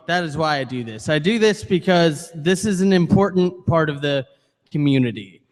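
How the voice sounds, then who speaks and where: A man's voice: on the high side, animated, moderate pace. A man hosting a cafe open mic, rambling and joking crudely between acts in a live venue. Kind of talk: joking stage banter. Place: cafe performance space. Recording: hall reverb from live venue.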